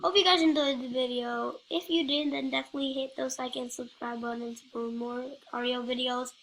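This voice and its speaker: A woman's voice: high voice, fairly even intonation, a little fast, a bit bright, slight background noise. A woman giving playful, rambling gameplay commentary, joking and talking to the other players.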